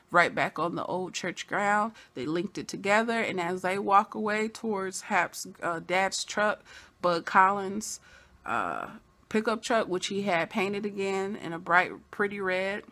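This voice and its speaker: A woman giving a chatty, casual recap of a TV episode, full of "you know" asides and sudden bursts of excitement. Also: mid-range voice, a little slow. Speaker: TV episode reviewer.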